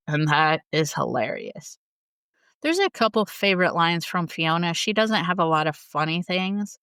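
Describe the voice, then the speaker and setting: A woman host chatting eagerly and laughing often as she recites favorite quotes. Her voice is smooth and fairly low. The recording is close and dry. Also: fairly bright tone, no echo. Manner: enthusiastic and giggly, reciting quotes. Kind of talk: casual talk about a musical.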